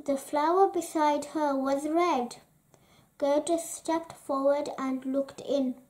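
A woman reading a children's story aloud in a slow, deliberate way. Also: sits high, little pitch movement, a little mellow. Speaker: storybook reader.

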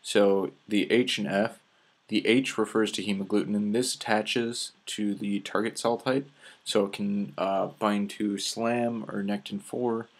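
Man, Minnesota accent, low voice, gravelly fry, casual lecture, lots of "uh"s. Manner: relaxed, filler-heavy explaining with frequent "uh"s. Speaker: radio host giving a science lecture. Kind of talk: casual spoken lecture over slides.

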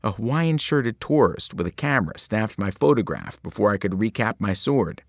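A man's voice: lowish voice, moderate pace, few pauses. A male reader telling a story to students, his voice rising and falling with plenty of movement. He sounds close and dry, with no room echo. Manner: lively storytelling with sudden voiced cries. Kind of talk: reading a novel aloud.

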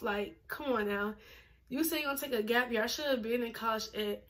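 Vlogging straight to camera, a chatty woman in her twenties speaks casually and emphatically, a little fast, with lots of fillers and laughter. Her fairly bright voice sits a touch high, and pregnancy leaves her slightly short of breath.

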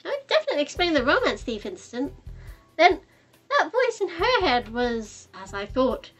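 Woman playing a deadpan, self-assured lady detective. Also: high-pitched, normal speed, soft background music. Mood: serious. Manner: deadpan, dramatic certainty.

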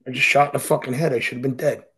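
A man's voice: mid-range voice, fairly even intonation, racing, fairly bright tone, breathy edge, low-quality recording. A middle-aged man, speaking as a podcast guest and telling his story bluntly and profanely. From Boston. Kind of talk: candid storytelling interview.

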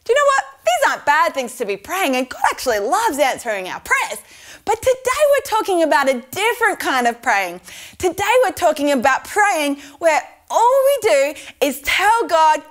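An Australian woman leading a lively preschool church lesson, asking the children questions and drawing out her words. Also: high-pitched, moderate pace. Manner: animated, exaggerated, asking kids questions.

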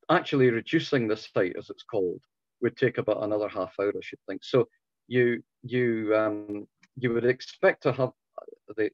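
A man with a hoarse, failing voice, patiently explaining to a club over a video call, often restarting his sentences. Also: fairly low pitch, no echo, lo-fi sound. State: hoarse, voice going. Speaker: club speaker. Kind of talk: informal talk answering questions.

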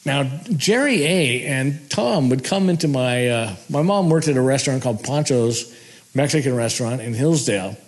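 A man's voice: medium pitch, lively intonation, moderate pace. Guy just rambling thru old stories, chuckles a lot, kinda all over the place. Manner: rambling, laughing, restarts. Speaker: storyteller. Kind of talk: casual spoken recollection.

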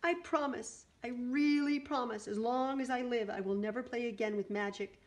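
A woman's voice: a little high, steady tone, moderate pace, darkish tone, pitched above the performer's own voice, close to an everyday voice. A woman voicing a clumsy young man disguised as a girl, talking in a whiny, pleading, sobbing way in a read-aloud storybook. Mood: wailing.

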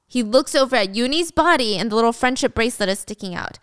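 A young woman hosting a podcast who retells a show as a storytime, lively and casual, with some swearing. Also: fairly high pitch, fast, hardly any pauses, clear, resonant tone, no echo, studio quality. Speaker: podcast host.

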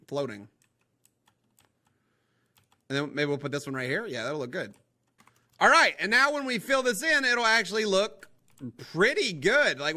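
Excitable young man playing a game. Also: sits high. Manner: excitable, rambling, talks to viewers as guys and boys. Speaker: gaming video host. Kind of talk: casual let's-play commentary.

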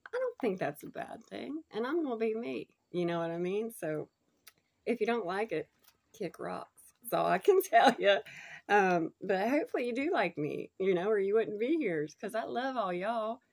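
A woman, chatting casually and gushing excitedly as she unboxes a gift, laughing often. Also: mid-range voice, moderate pace, vocal fry. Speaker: unboxing vlogger.

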